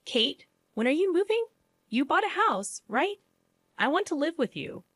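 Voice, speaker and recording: A woman voicing a scheming, pushy older mother-in-law with an unusually high, wheedling voice. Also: sing-song, normal speed, a bit bright, no echo, clean studio sound.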